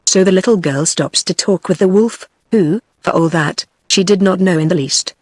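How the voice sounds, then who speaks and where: A computer-generated woman's voice with a British English accent, narrating a fairy tale audiobook in an even, mechanical delivery. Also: lowish voice, moderate pace, dry recording.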